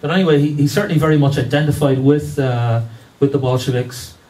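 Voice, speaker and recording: A man's voice: a little high, fairly even intonation, fairly quick, a little mellow. A man giving a history lecture, hesitant, with many fillers and restarts. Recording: distant mic with faint room noise.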